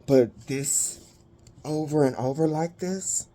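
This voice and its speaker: A woman giving a spiritual reading to her viewers, dramatic and blunt, swearing freely and pausing to catch her breath. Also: extremely low pitch, steady tone, warm tone. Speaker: spiritual reader.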